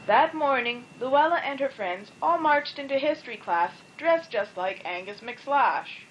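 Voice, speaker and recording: A woman reading a children's storybook aloud in a playful, expressive way. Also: high-pitched, a little slow, muffled recording, slight background noise. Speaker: storybook reader.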